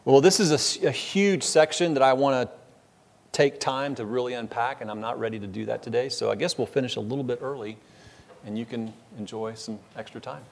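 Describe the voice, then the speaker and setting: A man's voice: mid-range voice, brisk, gravelly. Pastor, male, teaching sermon, emphatic but conversational, mid-range voice, church service. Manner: conversational, emphatic, with frequent restarts. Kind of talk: expository sermon.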